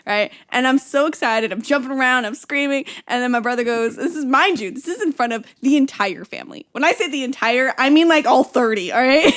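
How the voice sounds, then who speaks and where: A young woman co-hosts a relaxed podcast conversation. Her voice sits a bit high and moves through a wide range. She tells her stories with plenty of laughter. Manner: giggly, animated storyteller. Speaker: podcast co-host. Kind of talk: casual chat.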